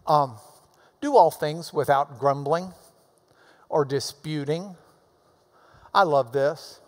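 A man preaching a sermon in a church. He talks emphatically, swinging between loud urging and quiet asides. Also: on the high side, slow. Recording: long reverb of a large hall.

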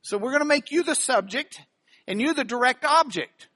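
Lively, bright-voiced man teaching. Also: very high-pitched, moderate pace. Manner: animated, explains step by step with rhetorical questions. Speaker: bible teacher. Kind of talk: live teaching talk to an audience.

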